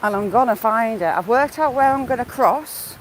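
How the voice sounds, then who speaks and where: A woman's voice: fairly high pitch, lively intonation, moderate pace, poor audio. A woman vlogging a walk along a river, chatting casually and greeting viewers by name as she goes. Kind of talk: casual live-stream walk chat. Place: outdoors by a wooded river. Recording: faint outdoor background noise.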